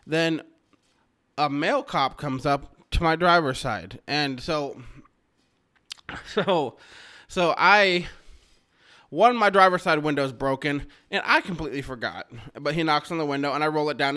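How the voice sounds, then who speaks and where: A man with a bright, tense, crisp voice, pitched a little high, tells a rambling story from his own life. He swears freely, pokes fun at himself and grows loud and excited as he goes. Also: measured pace. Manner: rambling, profane, self-mocking, gets loud and excited. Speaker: vlogger telling a personal story. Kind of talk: casual storytelling.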